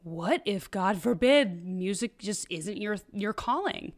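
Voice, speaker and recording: A woman's voice: mid-range voice, expressive, takes it slowly. A woman guest on a casual podcast, talking openly and chattily, working her thoughts out as she speaks. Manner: open, chatty, thinks aloud.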